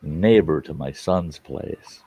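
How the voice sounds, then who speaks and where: A man's voice: a bass voice, slow pace, warm tone, husky, no echo. A man hosting a live stream, chatting casually with viewers and telling rambling folksy stories that act out what people said. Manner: folksy, rambling storyteller who acts out dialogue. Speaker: host of a live storytelling stream. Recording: dull lo-fi sound.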